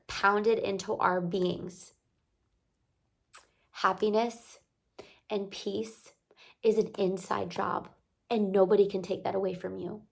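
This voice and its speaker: Hoarse woman vlogger with a gravelly voice. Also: medium pitch. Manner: chatty, warm-hearted encouragement with rambling asides. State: hoarse from crying. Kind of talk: casual motivational talk to camera.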